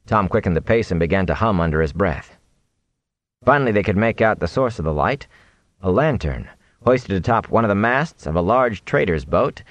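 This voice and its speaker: A man reading a fantasy novel aloud in animated, expressive audiobook narration. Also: fairly low pitch, dry recording.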